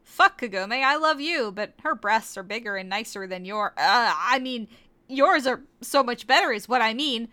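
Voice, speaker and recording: A woman's voice: fairly high pitch, lively intonation, normal speed, sharp tone. A woman voicing a crude, domineering male demon lord in a mock-serious reading of fan fiction. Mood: flustered. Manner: crude, smug.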